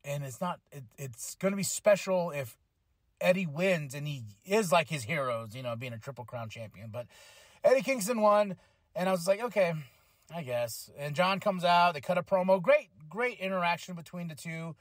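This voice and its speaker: Excitable rambling man, dry close sound. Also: high-pitched, moderate pace, no echo. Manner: rambling, excitable, many fillers. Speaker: podcast host reviewing wrestling. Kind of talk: casual review chat.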